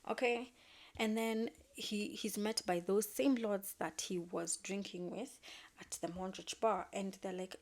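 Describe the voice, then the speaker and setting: A woman's voice: medium pitch, steady tone, a little slow. A woman casually recapping a show, slangy and emphatic, acting out the characters' lines as she tells it.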